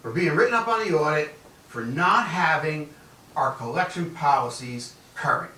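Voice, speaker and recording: A man's voice: a little high, lively intonation, moderate pace, pushed and bright, reverberant, distant mic, rough recording. A man voicing an upset, tall male collections manager who keeps repeating himself in exasperation. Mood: exasperated.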